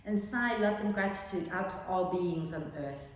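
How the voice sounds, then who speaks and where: A woman yoga teacher giving slow, gentle breathing and relaxation instructions. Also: on the low side, distant mic. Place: yoga studio. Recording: very echoey room with long reverb, faint noise.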